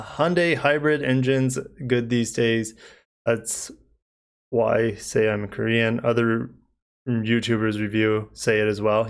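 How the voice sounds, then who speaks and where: With a creaky, mid-range voice, this young man runs his channel's casual live stream as a car reviewer. He chats loosely through viewers' comments, leaning on lots of filler words.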